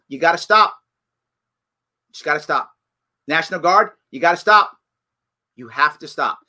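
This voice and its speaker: Bright-voiced man giving impassioned commentary. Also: fairly high pitch. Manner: emphatic, repetitive, pleading and scolding. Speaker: host.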